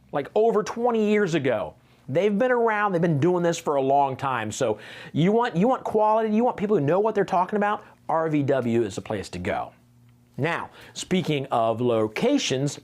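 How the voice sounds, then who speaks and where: A man hosting a sales livestream with energetic, enthusiastic delivery. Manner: energetic, enthusiastic, lively swings in pitch. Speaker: livestream host. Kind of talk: promotional hosting.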